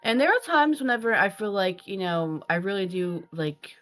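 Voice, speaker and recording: A woman's voice: mid-range voice, big pitch swings, normal speed, fairly bright tone, faint music behind. A woman co-hosting a podcast, talking in a candid, earnest and reflective way with some hesitation. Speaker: podcast co-host. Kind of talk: candid casual chat.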